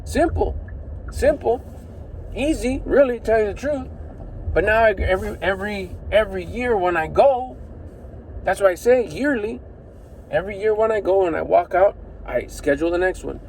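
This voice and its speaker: A middle-aged man giving casual motivational talk to camera, animated and slangy, swearing freely and asking rhetorical questions, recorded on a phone inside a vehicle. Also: sits high, moderate pace, slight background noise, poor audio. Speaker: personal development vlogger.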